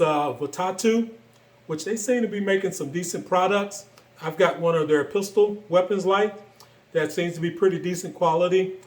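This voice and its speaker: A man casually walking through the parts of his build, relaxed and enthusiastic, with frequent fillers. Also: fairly high pitch, roomy sound. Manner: relaxed, filler-heavy, enthusiastic about gear. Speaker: gun build reviewer. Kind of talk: casual show-and-tell walkthrough.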